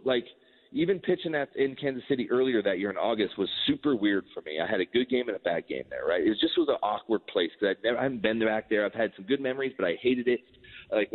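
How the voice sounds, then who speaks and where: A man in his forties, a former pitcher, telling a story in a casual, rambling way, full of "like" and restarts. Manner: rambling, animated, heavy use of "like". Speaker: former baseball pitcher, guest. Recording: tinny phone-like line with long reverb.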